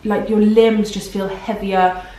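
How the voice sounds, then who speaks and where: A woman's voice: mid-range voice, flat delivery, slow, mellow. A young pregnant woman vlogging casually, rambling and self-deprecating, tired. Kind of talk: casual vlog chat. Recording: very echoey room.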